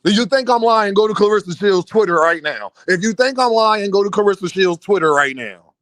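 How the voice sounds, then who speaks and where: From a home streaming rig, a Philadelphia man who hosts boxing livestreams riffs with chat at a fairly quick clip, joking, swearing and laughing often in an animated way. His voice is high-pitched with big swings, captured in a dry, close recording with no room sound.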